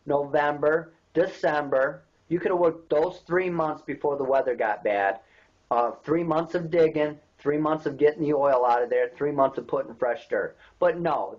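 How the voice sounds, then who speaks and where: Indignant man ranting into a webcam. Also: on the high side. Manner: indignant, repetitive, rhetorical questions. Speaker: local activist vlogger. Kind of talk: angry webcam rant. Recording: dull lo-fi webcam audio.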